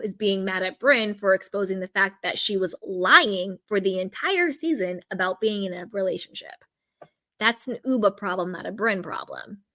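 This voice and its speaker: A woman's voice: mid-range voice, pushed and bright. A woman commenting on a reality show in casual, candid speech, peppered with "like" and frank opinions. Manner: candid, opinionated, lots of "like" fillers.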